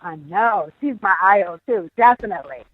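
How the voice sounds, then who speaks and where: A woman, a singer guest, chatting casually in an interview, laughing often and talking in quick bursts. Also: medium pitch, sing-song, dry recording, narrow, tinny audio.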